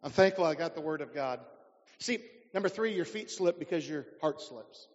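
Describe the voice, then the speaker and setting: A man's voice: on the high side, expressive, normal speed, a little mellow. A man preaching a sermon as pastor, putting rhetorical questions to his congregation. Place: church sanctuary. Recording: dull sound in a reverberant church hall.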